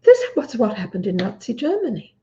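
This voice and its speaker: A woman's voice: a little high, big pitch swings, brisk, dark tone. A woman with an Australian accent talking earnestly in casual conversation, acting out quotes as she tells a story. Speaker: guest. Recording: dull lo-fi audio.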